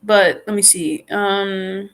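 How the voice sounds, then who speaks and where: A woman's voice: medium pitch, fairly even intonation, slow pace. Chatty stuffy-nosed woman rambling on a live stream. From New York. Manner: chatty, rambling, restarts sentences often. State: stuffy, runny nose.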